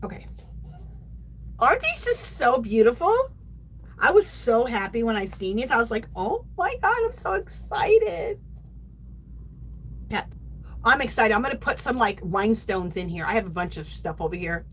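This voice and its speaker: A woman's voice: on the high side, big pitch swings, brisk, a bit bright, slight background noise, low-quality recording. A middle-aged woman hosting a yarn craft livestream, gushing and chatting casually to her viewers.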